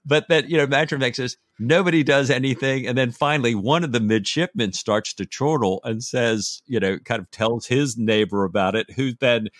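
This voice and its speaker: A man's voice: mid-range voice, normal speed, hardly any pauses, dry recording, studio quality. A man co-hosting a book discussion podcast, chatting eagerly. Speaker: podcast co-host.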